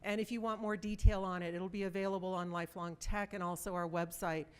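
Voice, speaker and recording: Clear-voiced woman giving a conference talk. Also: lowish voice, fairly even intonation, quick pace, a little mellow. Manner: conversational storytelling, direct questions to the audience. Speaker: conference speaker. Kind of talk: presentation to a live audience.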